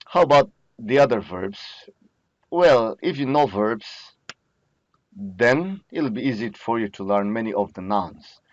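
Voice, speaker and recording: Slow, patient man teaching a lesson. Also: mid-range voice, lively intonation, no echo, muffled recording. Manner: slow, patient explaining with frequent repetition. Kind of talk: recorded lecture.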